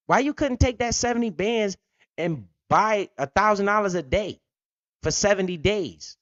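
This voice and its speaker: Profane, fast-joking crypto host, muffled recording. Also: male voice, sits high, lively intonation, fairly bright tone, no room sound. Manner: profane, blunt, joking rant. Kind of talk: unscripted market commentary. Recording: dull lo-fi dry audio.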